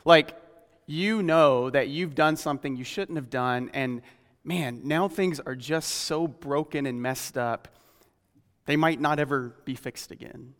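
A man preaching a sermon in an earnest, questioning way, slowing down when he reads scripture aloud. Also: a little high, a bit bright, long reverb tail.

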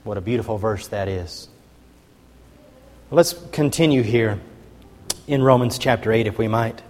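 A man's voice: on the low side, unhurried, darkish tone, big-room sound. A man preaching a sermon, reading scripture aloud with emphatic rising and falling delivery.

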